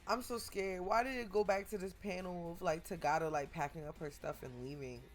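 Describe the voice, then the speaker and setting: A woman hosting a manga reaction, reading it aloud and reacting with casual, animated comments. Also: lowish voice, a little fast, faint music behind. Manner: animated, exclamatory.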